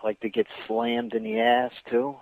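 A man's voice: mid-range voice, little pitch movement, measured pace, no room sound. A man making a prank phone call, taunting the listener with lewd talk over a tinny phone line. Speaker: prank caller.

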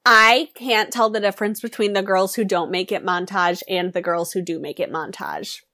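A young woman co-hosting a casual recap podcast, quick and chatty. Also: mid-range voice, fairly even intonation, bright, forceful tone, no echo, studio quality. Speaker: podcast co-host.

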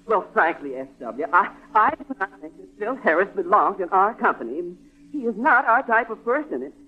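Brief: high, fussy stockholder, old radio comedy, tinny. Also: male voice, sing-song, moderate pace, slightly rough, exaggerated voice. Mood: prim. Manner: fussy, prissy, disapproving. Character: stuffy, prim company stockholder. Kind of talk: 1940s radio sitcom acting.

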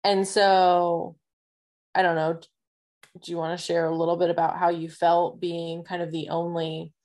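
A woman's voice: on the low side, flat delivery, normal speed, a little mellow. A woman co-hosting a casual chat, asking questions hesitantly and restarting them. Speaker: podcast co-host.

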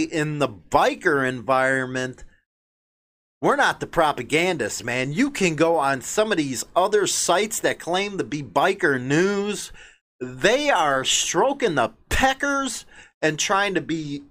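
A man's voice: a little high, a bit bright. A man with a Chicago accent hosting a biker news show, giving blunt, combative commentary and mocking asides while he reads news quotes aloud.

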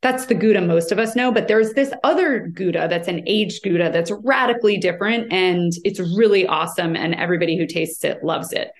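A woman's voice: fairly low pitch, fairly quick, hardly any pauses. An American woman who writes about cheese, explaining at length in a conversational interview, with many fillers and restarts. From United States.

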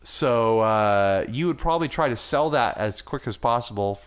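A man's voice: medium pitch, animated, moderate pace, clean tone. A man co-hosting a podcast, with a voice that rises and falls a lot. He rambles in a loose, jokey way. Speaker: podcast co-host. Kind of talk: casual chat.

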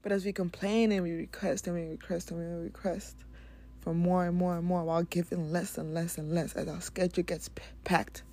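A woman's voice: lowish voice, level tone, a little fast, dark tone. A woman hosting a casual spiritual talk, speaking candidly and bluntly, swearing and laughing often. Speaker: spiritual podcast host.

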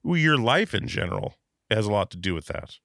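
Male podcast host, low voice, dry sound, reflective, rambling. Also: sing-song, brisk, vocal fry, a bit bright, dry recording. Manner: reflective, rambling, many restarts. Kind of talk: casual interview. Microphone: video call.

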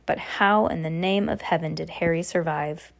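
A woman's voice: on the low side, moderate pace, creaky. A woman voicing a stern, anxious older witch professor who protests fretfully. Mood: distressed.

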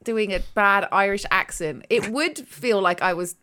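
A woman's voice: mid-range voice, measured pace, bright, forceful tone, smooth. A woman co-hosting a podcast, rambling and giggly in casual chat, swearing freely. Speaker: podcast co-host.

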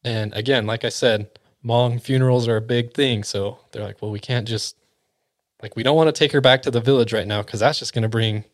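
A man casually telling a spooky story among friends, acting out the quoted voices and often dropping to a hushed near-whisper. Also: medium pitch, steady tone, brisk.

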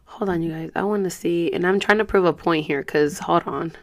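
A woman's voice: lowish voice, a little fast. A woman in her thirties ranting to her viewers in a casual vlog, frustrated and profane, slipping in Spanish words. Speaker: vlogger.

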